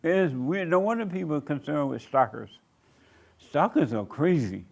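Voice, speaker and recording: A pastor and show host telling a story in a casual, colloquial way, laughing often and snapping out punchy retorts. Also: male voice, a little high, expressive, normal speed, vocal fry, a little mellow, muffled recording.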